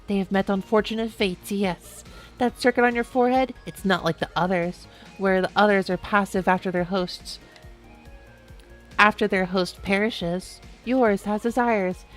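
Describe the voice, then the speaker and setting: A man voicing a calm, menacing male robot who once hosted a strange power, explaining things in a smooth villain monologue. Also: high-pitched, moderate pace, faint music behind. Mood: ominous.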